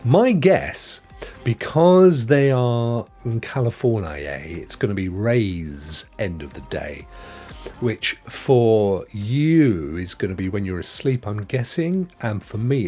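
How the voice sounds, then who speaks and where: A man's voice: lowish voice, very animated, a little slow, darkish tone, soft background music. A chatty man hosting a live stream, joking and answering viewers' chat messages by name.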